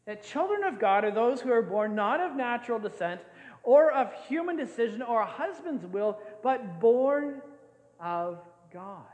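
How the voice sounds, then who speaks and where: A man's voice: extremely high pitch, animated, measured pace, a little mellow, lo-fi sound. An older man preaching a sermon as a pastor, playful and often laughing as he acts out scenes. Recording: echoey hall with long reverb.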